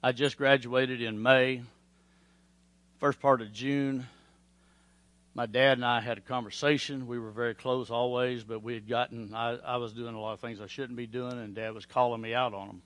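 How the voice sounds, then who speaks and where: Middle-aged preacher, bright forceful tone, dry close mic; moves between quiet pleading and loud storytelling. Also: male voice, medium pitch, little pitch movement, moderate pace, dry recording. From Oklahoma. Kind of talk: sermon with altar call and personal story.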